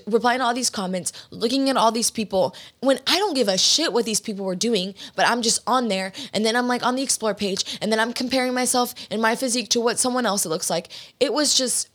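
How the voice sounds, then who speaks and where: A woman's voice: on the high side, a bit bright. Candid young woman podcaster, emphatic. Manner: candid, emphatic, swears freely. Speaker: podcast host. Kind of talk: casual motivational monologue.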